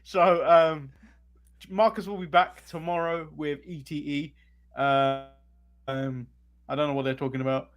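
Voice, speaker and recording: A man's voice: a little high, fairly even intonation, unhurried, dull audio. A young Englishman with an English accent, co-hosting a casual wrestling chat show and laughing often. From England. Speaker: podcast co-host.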